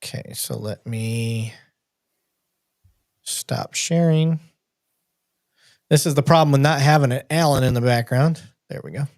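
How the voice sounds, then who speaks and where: A man's voice: medium pitch, measured pace, pauses often, a little mellow, no room sound, studio quality. A man hosting a livestream, talking casually and reading viewer comments aloud. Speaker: podcast host. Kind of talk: livestream chat.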